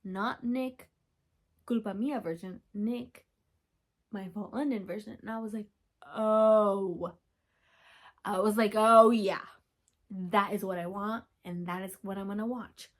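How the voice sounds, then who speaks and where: A woman's voice: mid-range voice, normal speed. Young female podcast host, chatty and giddy, talking at home with whispered asides. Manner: gushing, chatty, with sudden whispers and excited squeals. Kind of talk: casual chat.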